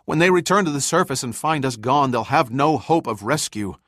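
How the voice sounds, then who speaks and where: Man voicing an angry sea captain, loud and pleading, dry sound. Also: mid-range voice, lively intonation, a little fast, no echo, pitched above the performer's own voice, lightly acted. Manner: pleading, raised voice. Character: indignant male ship captain, angry.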